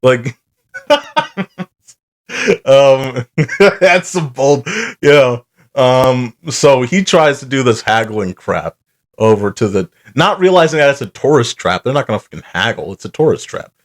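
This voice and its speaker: A man's voice: medium pitch, measured pace, long pauses. Profane rambling male podcast host. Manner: rambling, profane, animated retelling. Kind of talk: casual chat.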